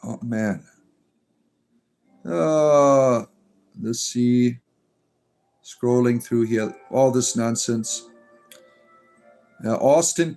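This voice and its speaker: A man's voice: medium pitch, drawn-out words, pauses often, a little mellow, soft background music. A man hosting a pagan livestream, reading and answering chat comments in a sarcastic, exasperated way with lots of fillers. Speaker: pagan clergy livestream host.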